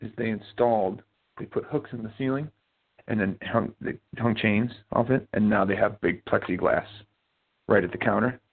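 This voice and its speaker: Gravelly, husky man on tinny audio. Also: on the low side, normal speed. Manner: easygoing, rambling explainer. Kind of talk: casual call-in show chat.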